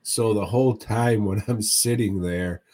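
A man's voice: lowish voice, unhurried, darkish tone. A man hosting a podcast, casually telling a profane, funny story and laughing along. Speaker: podcast host.

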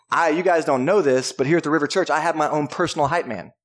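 A man preaching a Sunday sermon as pastor of a church, animated and climbing high in pitch when he acts out an excited friend. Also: fast. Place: church service.

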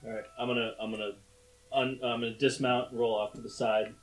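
A man's voice: medium pitch, level tone, fairly quick, poor audio. A man playing a tabletop game, casually thinking aloud with hesitations and fillers. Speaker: player.

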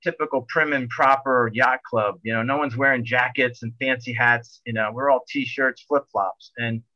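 A middle-aged man telling a long boating story in a rambling, animated way, full of restarts. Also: medium pitch, normal speed, no echo, lo-fi sound. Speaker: guest telling a sailing story. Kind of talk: casual storytelling.

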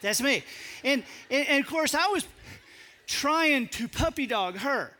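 An animated man speaks to an audience in a high, bright, lively voice, telling a comic story at his own expense. His pitch leaps around and his speech is colloquial. He often stammers and restarts mid-sentence. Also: a little slow, a little hiss or hum. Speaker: public speaker. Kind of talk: humorous storytelling talk to an audience.

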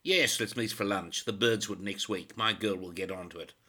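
A man's voice: lowish voice, moderate pace, sharp tone, slightly rough. A man voicing a blustering, bossy police chief who barks orders and swears crudely.

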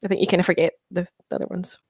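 A woman's voice: lowish voice, flat delivery, rapid-fire, gravelly, darkish tone, breathy edge, dry recording. A woman co-hosting a podcast, chatting wryly and animatedly about films. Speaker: podcast co-host. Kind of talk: casual film chat.

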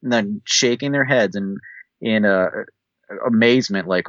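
A man's voice: on the low side, unhurried, fairly bright tone, dry recording. A man co-hosting a casual chat, speaking in an easygoing, thoughtful way. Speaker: podcast co-host. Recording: dull, dry lo-fi mic.

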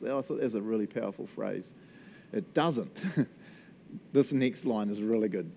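A man's voice: lowish voice, normal speed, gravelly, mellow, a little hiss or hum. A man with a New Zealand accent preaching a sermon in a jokey manner, laughing often. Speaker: pastor.

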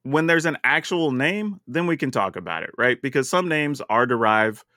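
A man's voice: mid-range voice, lively intonation, moderate pace, sharp tone, dry recording, studio quality. A man from the American South with a Southern US accent, co-hosting a podcast in a chatty, storytelling way and laughing often. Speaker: podcast co-host. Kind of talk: casual podcast chat.

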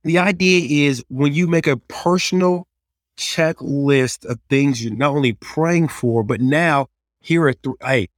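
A man's voice: fairly high pitch, unhurried, no echo, studio quality. A man in casual conversation, giving earnest, practical advice on leading a small group and acting out quoted prayers and kids. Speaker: youth ministry leader.

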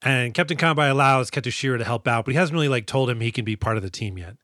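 A man co-hosting a podcast in casual chat, animated and profane, acting out characters as he retells scenes. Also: medium pitch, fast, no room sound, studio quality. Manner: animated, swears a lot, acts out characters in quoted lines. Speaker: podcast co-host.

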